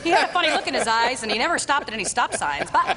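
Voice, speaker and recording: A woman guest on a late-night talk show, telling a comic anecdote in a deadpan way and acting out the other people's lines. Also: sits high, rapid-fire, a crowd in the background. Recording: television studio with audience noise.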